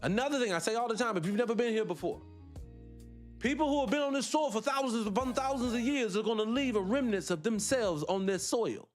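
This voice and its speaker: A man's voice: extremely high pitch, animated, fairly quick, soft background music. A man hosting a livestreamed morning talk show, arguing with passion, firing rhetorical questions at his listeners and laughing between points.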